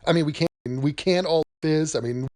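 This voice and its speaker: A man's voice: on the high side, moderate pace, warm tone. A man giving reaction commentary, sarcastic and mocking, often repeating himself.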